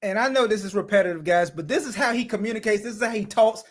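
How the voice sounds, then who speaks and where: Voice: mid-range voice, fast talker. A commentator reacting to a video, blunt, profane and scornful.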